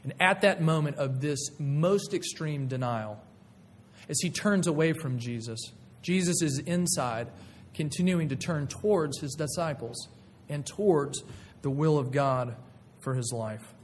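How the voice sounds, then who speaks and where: A man preaching a sermon, retelling a story with lively, expressive delivery and quoted voices. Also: fairly high pitch, measured pace, slight background noise. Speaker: pastor.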